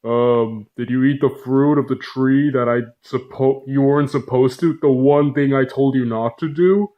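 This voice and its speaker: A man's voice: medium pitch, fairly even intonation, normal speed, dull audio, close to an everyday voice. A man voicing God as a laid-back buddy who talks in casual slang. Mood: stern.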